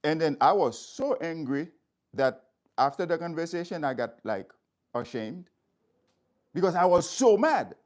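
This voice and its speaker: A man's voice: on the high side, expressive, a little slow, pauses often, darkish tone. A man speaking straight to his viewers, stressing his points by repeating phrases. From Haiti. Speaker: community speaker. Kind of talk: impassioned address to viewers.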